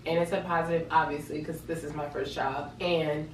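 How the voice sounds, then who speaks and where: A pregnant young woman in a casual vlog, retelling her story in an animated, chatty way with lots of quoted dialogue. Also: deep voice, normal speed, hardly any pauses, echoey room, recorded from a distance, slight background noise, poor audio. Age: young adult. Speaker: vlogger.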